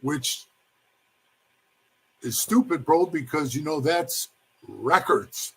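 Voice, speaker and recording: A man's voice: a little high, lively intonation, slow pace, a bit bright, slightly rough. A man telling a long story from his past in a casual interview, rambling and calling the listener "bro" as he acts out what others said. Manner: rambling, says "bro" often, acts out quoted voices. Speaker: former motorcycle club member telling his story.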